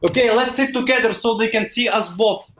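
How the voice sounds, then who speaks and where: A man's voice: very high-pitched, a little fast, noisy background. A man with a heavy accent, chanting and repeating himself in a video clip played on a stream. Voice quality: heavily accented. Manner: repetitive chanting, provocative.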